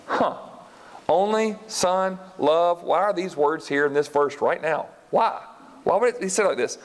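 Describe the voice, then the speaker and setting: A man teaching a live Bible lesson in an animated way, quizzing his audience and reading scripture aloud. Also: on the high side, brisk. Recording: long hall reverb.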